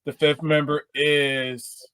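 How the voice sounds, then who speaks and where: A man's voice: fairly high pitch, flat delivery, slow, a bit bright, clean tone. A man co-hosting a casual podcast chat, playful and teasing. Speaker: podcast co-host.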